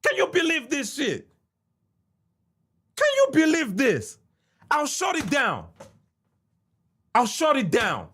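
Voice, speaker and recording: A Nigerian man with a Nigerian accent, a podcast host giving heated, repetitive commentary that swings from shouts to muttered asides. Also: very high voice, huge pitch swings, slow pace, long pauses.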